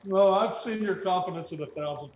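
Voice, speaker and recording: A man's voice: sits high, fairly quick, a little mellow, roomy sound, lo-fi sound. A man joining a casual podcast chat from somewhere else, throwing in teasing, dry quips.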